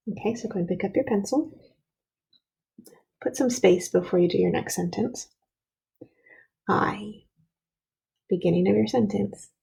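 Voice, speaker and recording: Gravelly, patient woman teaching young kids. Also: medium pitch, warm tone, rough recording. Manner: slow, patient sounding-out of letters and words. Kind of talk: early-grade spelling and writing lesson.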